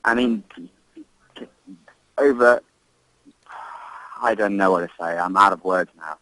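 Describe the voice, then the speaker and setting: A man from Libya speaks in an emotional interview. His voice sits low, recorded dry and close. He talks with passion, stumbling and repeating words as he searches for what to say. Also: bright, forceful tone, dry recording, poor audio. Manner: impassioned, halting, repeats words often. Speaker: interviewee, expat giving an update.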